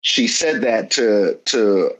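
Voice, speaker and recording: A young adult man hosts a casual podcast. His pitch swings widely and expressively, and he speaks in an earnest, emphatic way, often repeating phrases to drive home a point. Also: lively intonation, slow pace, a bit bright, poor audio. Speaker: podcast host.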